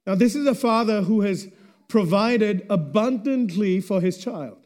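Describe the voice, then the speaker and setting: A man preaching a sermon, slow and deliberate, letting his voice drop low and quiet at the end of phrases. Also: expressive. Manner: slow and deliberate, dropping to a hush at phrase ends.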